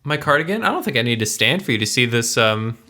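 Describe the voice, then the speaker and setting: A man's voice: medium pitch, very animated, fast, pushed and bright. A man co-hosting a podcast in casual chat, laughing easily and rambling in a self-deprecating way. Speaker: podcast co-host.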